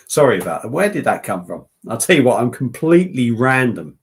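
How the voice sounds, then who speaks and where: A man from southern England hosts a casual beer-review live stream, talking a little fast in a mid-range voice with big pitch swings. He rambles, jokes and laughs often.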